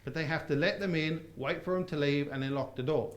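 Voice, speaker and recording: A man's voice: fairly high pitch, brisk. A man teaching a live property seminar, quizzing his audience in call-and-response. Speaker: property course trainer. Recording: roomy seminar hall sound.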